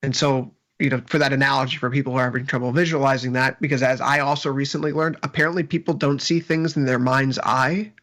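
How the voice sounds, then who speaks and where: A man's voice: mid-range voice, fairly even intonation, fast, few pauses, fairly bright tone. A man commenting on the markets in a casual, rambling chat with wry joking asides.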